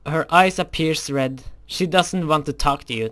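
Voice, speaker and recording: A man's voice: fairly high pitch, moderate pace, fairly bright tone. A young man reading a fan story aloud, often stumbling over words and correcting himself.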